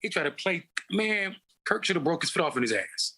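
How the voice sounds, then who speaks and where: A man's voice: sits high, very animated, fairly quick, sharp tone, breathy edge. A man hosting a casual political talk show, hyped up, profane and teasing his co-hosts. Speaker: show host.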